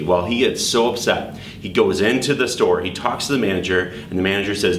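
Deadpan man telling corny jokes, far off. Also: lowish voice, fairly quick, few pauses, a little hiss or hum. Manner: storyteller, leisurely jokes. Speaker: school announcements host. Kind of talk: deadpan joke-telling announcements. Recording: echoey room, mic far off.

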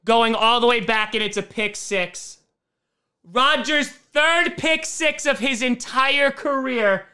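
A man reacting live to a football game, swinging from shouted cheers to deflated groans. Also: very high voice. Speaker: sports fan vlogger reacting live.

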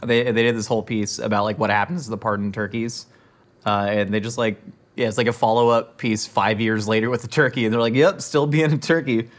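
A host performs a scripted comedy monologue to camera, rambling through clumsy dinner-table small talk full of fillers, restarts, and topic drift. Described as in the middle of his range, his voice is fairly low with a level tone, and he speaks fairly quickly. No recording fault is noted.

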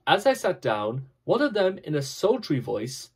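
A man reading a scripted reflective talk with dry, wry humor and a measured, explanatory delivery. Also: a little high, huge pitch swings, husky. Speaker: speaker giving a short reflective talk.

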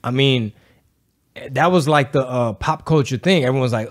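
A medium-pitched man at normal speed co-hosts a podcast, chatting casually in slang. He tells stories animatedly, putting on voices for quotes.

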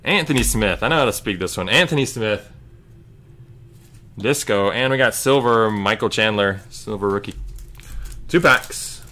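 A man's voice: on the low side, normal speed, pauses often, sharp tone. A man hosting a live trading card break, casually calling out each card as he opens packs.

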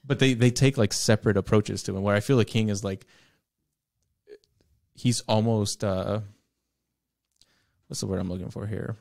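A man's voice: lowish voice, steady tone, normal speed, creaky, pauses often, a little mellow, no room sound, studio quality. A man co-hosting a casual book podcast, rambling and searching for his words. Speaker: podcast co-host.

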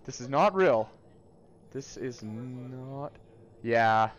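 A young man playing a horror game at a friend's home, reacting out loud. He talks to himself, exclaims when startled and laughs nervously. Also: medium pitch, lively intonation, drawn-out words, highs cut off, very noisy.

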